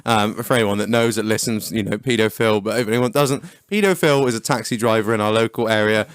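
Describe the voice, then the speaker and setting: A man's voice: on the low side, fairly quick, clean tone, no echo, studio quality. A young man joking around as he tells a rambling story, a guest on a casual podcast chat.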